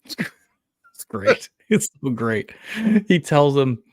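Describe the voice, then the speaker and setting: A man co-hosting a casual movie review podcast, retelling scenes with animated, laughing energy. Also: medium pitch, slow pace, creaky, no echo, studio quality. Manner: animated storyteller, laughs at his own retellings. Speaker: podcast co-host. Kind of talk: casual film review chat.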